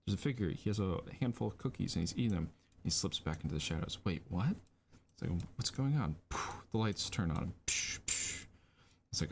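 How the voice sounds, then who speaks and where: A deep-voiced man with a gravelly edge walks through a storyboard as he draws it. His livestream narration is improvised and rambling, full of fillers, with a faint hiss underneath. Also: moderate pace. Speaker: storyboard artist streaming a lesson.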